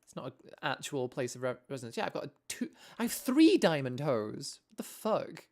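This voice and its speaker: Big pitch swings mark this Welsh streamer's mid-range, slightly mellow voice, delivered at normal speed. A young adult, they ramble and swear while playing and chatting with viewers, constantly breaking off into asides.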